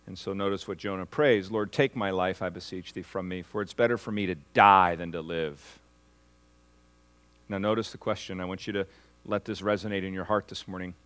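A man preaching a sermon as pastor, asking the congregation for responses and swinging from hushed, slow lines to loud, rising ones. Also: low-pitched, fairly even intonation, clean tone.

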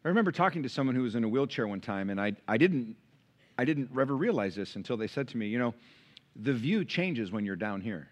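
A man at medium pitch preaches at a quick pace from a church pulpit, recorded on the pulpit mic. He is a pastor telling stories with animation, taking on the voices of the people he quotes, inside the sanctuary.

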